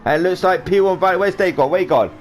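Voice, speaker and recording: A man's voice: high-pitched, fast talker. A man giving rambling, jokey live commentary on a sim race he is also driving in, with a faint hum of game sound behind him. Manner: rambling, jokey, does silly voices for drivers.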